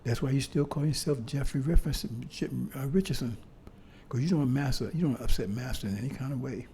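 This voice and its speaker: A man preaching a sermon to brothers and sisters, talking in a loose, conversational way and often asking "see?" with halting restarts and bursts of emphasis. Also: mid-range voice, warm tone, a little hiss or hum. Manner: conversational, repeats "see?" to the congregation.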